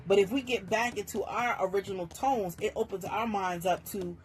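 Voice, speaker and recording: Woman podcast co-host, middle pitch, passionate and rambling, casual chat. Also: fairly even intonation, moderate pace, a little hiss or hum. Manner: passionate, rambling, repeats words.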